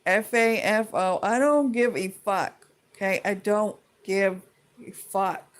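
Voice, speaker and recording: A woman's voice: medium pitch, slow. A woman ranting to her viewers in a heated, profane, rambling way, full of restarts and trailing thoughts. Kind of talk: casual rant to camera.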